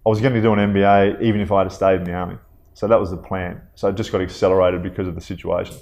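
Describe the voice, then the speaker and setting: An Australian man in his thirties speaks as an interview guest with a fairly low voice. He talks in a relaxed, conversational way, pausing on fillers and wandering into asides as he tells his stories. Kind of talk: casual interview storytelling.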